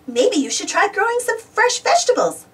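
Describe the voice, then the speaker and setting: A woman voicing an upbeat young female gardener from a storybook, high and excited. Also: moderate pace, recorded from a distance. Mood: cheerful.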